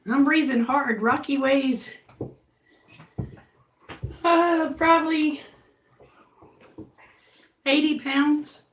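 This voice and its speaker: A woman's voice: sits high, fairly even intonation, extremely slow, pauses often, slight background noise. An older woman chatting casually at home, coaxing and calling her dogs as she shows them off. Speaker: vlogger showing her dogs. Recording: roomy, distant from the mic.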